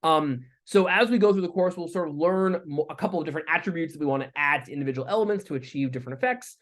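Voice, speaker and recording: A man teaching a lecture with live coding, talking in a relaxed way with fillers and restarts. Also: fairly high pitch, fast. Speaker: instructor.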